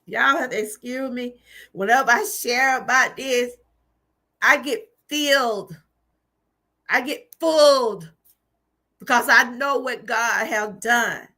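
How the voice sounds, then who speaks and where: A woman's voice: on the high side, takes it slowly, long pauses, bright, forceful tone. A woman, hosting her own livestream and giving an emphatic, repetitive, preacherly testimony. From Georgia, US. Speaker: channel host.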